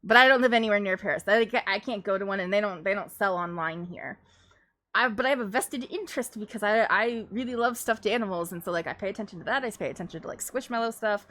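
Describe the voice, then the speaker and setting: A young woman hosts a casual livestream chat. She rambles from one thought to the next in an animated way and laughs often. Her voice sits at a middle pitch. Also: quick pace. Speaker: livestream host.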